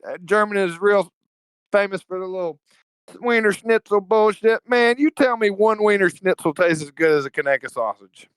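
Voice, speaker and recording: Speaking in a high, clean voice at normal speed, a podcast guest from Evergreen, Alabama, tells casual stories with his Southern accent. He's laid-back, slangy, profane and jokey. There's no room sound, though the recording quality is low.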